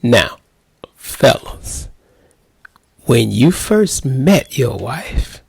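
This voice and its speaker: A man's voice: mid-range voice, expressive, drawn-out words, creaky, darkish tone, slightly rough, no echo. A man, a pastor, giving folksy marriage advice to husbands in a playful, conversational way and acting out little scenes. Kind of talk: casual marriage talk to men.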